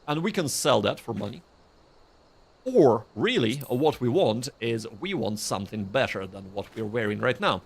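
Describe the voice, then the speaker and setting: A man's voice: mid-range voice, vocal fry. A man giving casual, chatty commentary on his own gameplay, self-deprecating and prone to restarts. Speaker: streamer.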